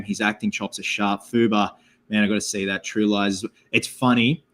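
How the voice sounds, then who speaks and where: Chatty male live-stream host. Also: on the low side. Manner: rambling and chatty, many filler words; reads viewer comments aloud. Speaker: livestream host. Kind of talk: casual live-stream Q&A chat.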